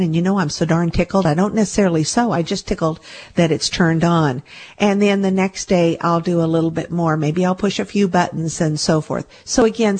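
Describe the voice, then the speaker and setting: A woman's voice: fairly low pitch, darkish tone. A middle-aged woman hosting a spiritual self-help talk show, speaking earnestly and reassuringly, with a lot of repetition. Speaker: host and energy healer.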